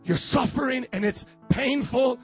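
A pastor preaching a sermon to a congregation, shifting between fervent shouting and quiet, hushed passages. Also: male voice, extremely high pitch, a little slow. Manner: impassioned preaching that swings from shouting to hushed tones. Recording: muffled lo-fi recording with faint music.

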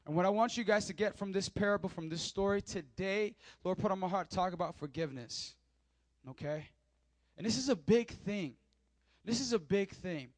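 A man with a fairly high voice preaches a sermon to his church, animated and emphatic. He drops to hushed asides and then climbs back to loud, driving lines. His voice sounds dry and close, with little room sound. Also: moderate pace, dry recording. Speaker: pastor. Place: church service.

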